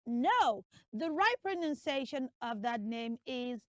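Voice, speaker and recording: A woman's voice: high-pitched, lively intonation, unhurried, no room sound, clean studio sound. A woman playing a comic pronunciation teacher, emphatically drilling a class and spelling out names letter by letter. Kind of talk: comic classroom lesson skit.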